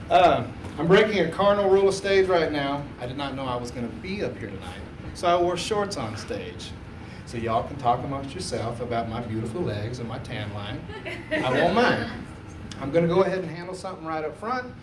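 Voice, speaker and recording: A man's voice: a little high, lively intonation, brisk, background noise. A man doing a laid-back, chatty stand-up set on a comedy club stage, laughing at his own jokes. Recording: roomy club sound from a distance.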